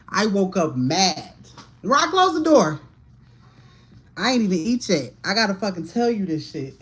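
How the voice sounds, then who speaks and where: Woman livestream host, profane and emphatic, storytelling rant, middle pitch. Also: background noise. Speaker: livestream host, tarot reader.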